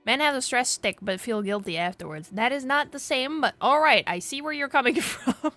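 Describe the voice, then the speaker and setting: A woman's voice: mid-range voice, animated, brisk, hardly any pauses, sharp tone, no room sound. A young woman streaming, chatting crudely with her chat, rambling and laughing as she goes. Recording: music playing behind.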